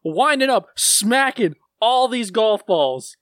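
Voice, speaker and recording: A podcast co-host adding joking asides with halting fillers in casual chat. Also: medium pitch, lively intonation, fairly bright tone, no echo.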